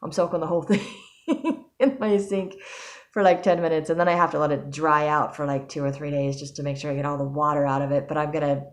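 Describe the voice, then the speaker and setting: A young adult woman chats casually to her viewers in a personal vlog. Her voice sits low for a woman, and she rambles along with ums and self-corrections. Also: steady tone, quick pace. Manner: chatty, rambling, frequent ums and restarts. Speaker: vlogger.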